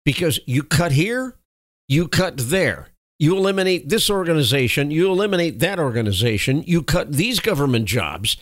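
A man's voice: fairly high pitch, very animated, moderate pace, no echo, studio quality. A man from the United States delivering an opinionated news commentary monologue, reading reports and adding emphatic asides. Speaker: political commentator.

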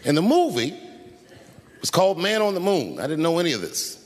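A stand-up comedian, a man, spins a story from the stage, his fairly high voice leaping and dropping as he goes. He moves from hushed asides to loud bursts. The sound carries the long reverb of a big hall with faint crowd noise underneath. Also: fairly quick. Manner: animated, shifts between hushed and loud. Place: large venue on stage.

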